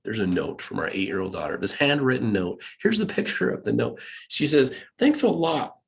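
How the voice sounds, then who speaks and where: Lively man giving a motivational talk. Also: on the low side, fairly quick, creaky. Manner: lively, acts out quoted voices, laughs. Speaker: presenter. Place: school event.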